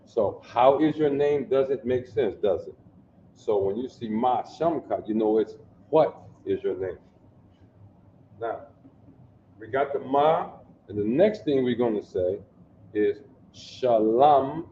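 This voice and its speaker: A man's voice: medium pitch, expressive, warm tone, a little hiss or hum. A man teaching a language lesson, explaining word by word, repeating himself and often checking that listeners follow. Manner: slow, repetitive, checks understanding often. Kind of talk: classroom lesson. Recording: dull lo-fi audio in an echoey room.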